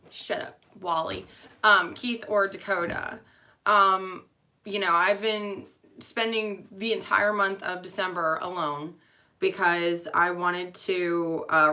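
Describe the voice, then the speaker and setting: A young adult woman who works as a nurse records a rambling personal vlog for friends and family. Her lowish voice is bright and forceful, and she speaks candidly and emotionally with frequent fillers.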